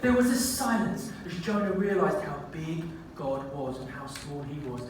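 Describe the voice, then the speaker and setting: Playful male storyteller, lively pitch, recorded far off in a very echoey, noisy room. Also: normal speed. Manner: playful, laughs at own jokes. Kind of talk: comic storytelling.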